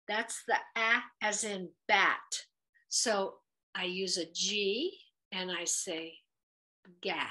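A woman teaching a Hebrew letters lesson, patient and encouraging, sounding out each letter and vowel slowly. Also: mid-range voice, bright, forceful tone. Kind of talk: children's lesson at a whiteboard.

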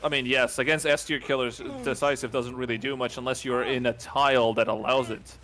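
A man's voice: medium pitch, steady tone, brisk, a bit bright. A man co-casting a tournament live, explaining game mechanics and strategy in an analytical way. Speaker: esports co-caster and analyst. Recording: clear background noise on the mic.

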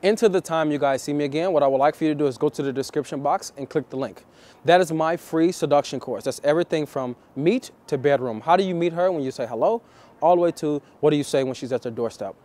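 A man coaching viewers on dating in a vlog, talking deliberately and repeating key phrases for emphasis. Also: on the high side, darkish tone.

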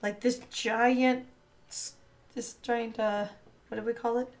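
A woman's voice: on the high side, little pitch movement, slow pace. A woman playing a board game on a stream, chatty and laughing, talking herself through each move. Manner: chatty, laughs often, talks herself through her moves. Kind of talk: casual chat while playing a board game. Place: indoors at a game table.

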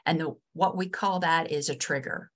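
A woman trainer with a West Virginian accent giving a webinar lesson over a video call, earnest and halting, with many restarts and fillers. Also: sits low, fairly even intonation. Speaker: state ombudsman and trainer.

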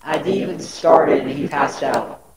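A man's voice: fairly high pitch, moderate pace, roomy sound, a crowd in the background, close to an everyday voice, low-quality recording. A man playing a teasing, snooping young man in a casual roleplay. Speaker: roleplay player.

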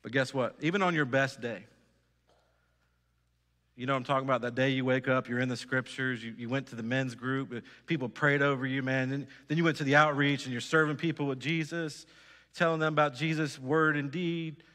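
A man's voice: mid-range voice, level tone, a little fast, a bit bright. A pastor preaching a sermon, earnest and exhorting, putting direct questions to his congregation. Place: church sanctuary. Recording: church hall reverb.

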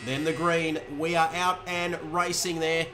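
A man doing energetic, chatty play-by-play commentary for a sim racing league stream, talking into a headset. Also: fairly high pitch, measured pace. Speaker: race commentator.

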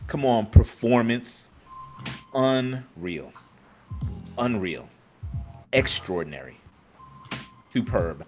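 A man's voice: mid-range voice, lively intonation, slow, long pauses, slight background noise. A man emceeing a poetry event, heaping praise on a performance and repeating his phrases. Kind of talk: live commentary on a performance.

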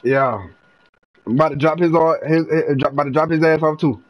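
A young man from North Carolina, giving live gameplay commentary full of profane trash talk and bursts of yelling. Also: fairly high pitch, steady tone, a little fast, dull audio. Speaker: gamer streamer.

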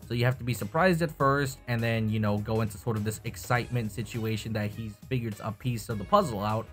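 A man's voice: on the low side, fairly quick, a bit bright, soft background music. A young man talking casually about voice acting with a voice changer, rambling and swearing. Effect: voice changer tests. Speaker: YouTuber. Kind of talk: casual tutorial chat.

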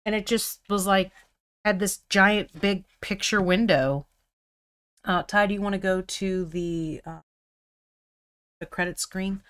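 Woman, casual streamer chat, talks while painting, smooth voice, dry close sound. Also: on the low side, a bit bright, no echo. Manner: chatty, distracted by painting details. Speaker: co-host of a live painting stream.

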